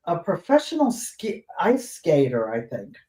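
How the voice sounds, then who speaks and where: An older woman, a guest on a casual livestream, tells family stories with energy and slips into high voices for the people in them. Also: measured pace. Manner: animated storyteller, voices the people in her stories. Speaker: guest storyteller. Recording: roomy echo.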